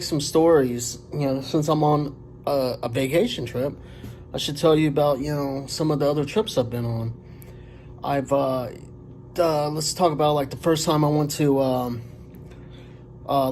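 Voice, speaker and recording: A man in his forties telling a story to camera in a rambling, halting way, full of fillers and restarts. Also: on the high side, a little mellow, slight background noise. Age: 40s. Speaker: vlogger.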